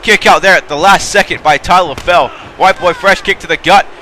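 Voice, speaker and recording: Calling moves in a wrestling match, this man delivers excitable play-by-play, shouting at the big spots and wandering into rambling asides to the audience. His voice is high and a little fast, with slight background noise behind it.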